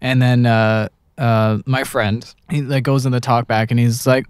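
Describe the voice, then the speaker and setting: A male podcast host telling stories with animated energy, at a mid-range pitch. The sound is dry and close to the mic. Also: measured pace, clean tone, no echo. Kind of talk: casual podcast chat, storytelling.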